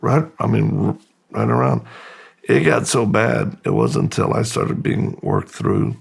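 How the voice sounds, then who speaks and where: A man from the United States, a guest in an interview, slowly and reflectively telling his life story with pauses and restarts. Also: on the low side, huge pitch swings, gravelly, husky.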